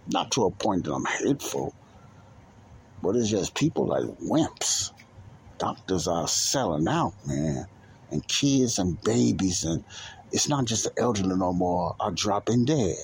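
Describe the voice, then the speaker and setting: A man's voice: lowish voice, lively intonation, unhurried, gravelly, a little hiss or hum. A man, hosting a solo show and delivering an angry, preachy monologue that repeats its points and rises to emphatic outbursts. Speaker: podcast host.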